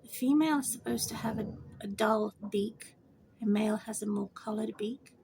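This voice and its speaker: Against a noisy background, a woman with vocal fry rambles to camera at normal speed about her pet bird as a pet owner vlogger. She repeats herself and switches to a high sing-song whenever she speaks straight to the bird.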